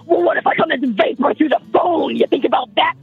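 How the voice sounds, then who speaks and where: A man voicing a menacing ghoul that taunts through the phone, high and gravelly with a tinny phone-line sound. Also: fast talker, soft background music. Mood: taunting. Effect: phone-line filter.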